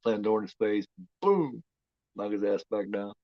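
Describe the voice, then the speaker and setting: A man hosting a horror watch-along, giving profane, rambling, excitable live commentary on a film. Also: lowish voice, moderate pace, no room sound. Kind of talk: casual live movie commentary. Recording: dull lo-fi home recording.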